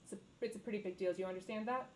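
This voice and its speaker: A woman's voice: medium pitch, rapid-fire, a little hiss or hum, close to an everyday voice, poor audio. A woman voicing a prim, self-important tiefling official who talks down to her intern in a pompous, clipped way.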